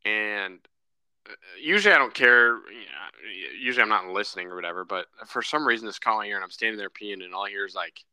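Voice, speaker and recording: A young man tells a story on a casual podcast. His voice is very bright and close to the mic, with a dry sound, and he keeps laughing and calling people bro. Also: on the low side, fast talker, smooth, no echo. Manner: animated storyteller, laughs often, says bro. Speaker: podcast co-host. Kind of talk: casual chat.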